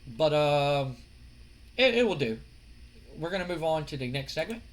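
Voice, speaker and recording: A man's voice: fairly high pitch, very animated, normal speed. A man casually narrating a wrestling simulation playthrough, chatty and rambling, with frequent fillers and some swearing. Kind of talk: casual let's-play commentary.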